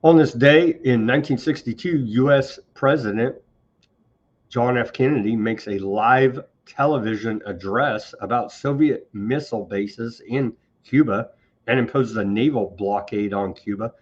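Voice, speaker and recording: Male host, medium pitch, biting sarcasm, muffled lo-fi recording. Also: measured pace. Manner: sarcastic, mocking, scornful of government. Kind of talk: sarcastic on-this-day news commentary.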